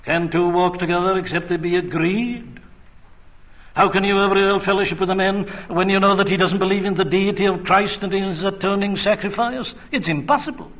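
A man's voice: sits high, brisk. A man preaching a sermon in a church, earnest and emphatic, pressing his hearers with rhetorical questions. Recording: dull lo-fi archive recording.

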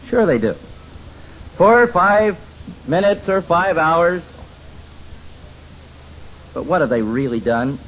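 A man's voice: medium pitch, a little hiss or hum, rough recording. A man teaching about biblical counseling in an emphatic, folksy way, with many fillers and stories. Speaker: Christian counselor lecturing. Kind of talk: teaching lecture.

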